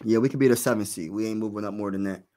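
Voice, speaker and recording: A man calling live basketball play-by-play as a fan host, excited and partisan, dropping slang and talking straight to his chat. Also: lowish voice, rapid-fire.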